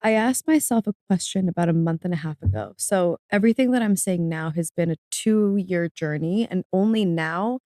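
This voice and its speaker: A woman's voice: moderate pace, hardly any pauses, mellow, no room sound, clean studio sound. A woman guest and author, telling her story in an earnest, reflective way on a podcast interview. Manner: earnest and reflective, voice rising high when moved to tears. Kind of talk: emotional personal storytelling.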